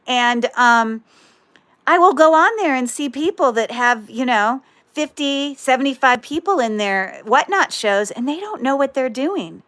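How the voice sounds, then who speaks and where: A woman's voice: high-pitched, animated, a little slow, fairly bright tone. A woman hosting a livestream jewelry sale, chatting casually with viewers in a rambling way, breaking off mid-sentence and dropping corny puns.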